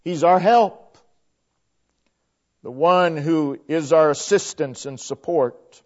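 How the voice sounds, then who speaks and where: A male preacher delivers a sermon at an unhurried, deliberate pace, leaning hard on key words before letting each phrase sink quietly. His voice sits a little high for a man. The recording is dull and lo-fi. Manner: slow, emphatic preaching that trails off quietly at phrase ends.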